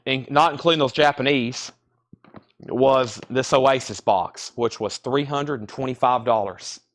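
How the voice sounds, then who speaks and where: Walking the floor of a record store, a man runs a live vinyl sale, calling out album titles and prices in easygoing sales patter. His voice sits at an ordinary mid pitch with a fairly bright tone.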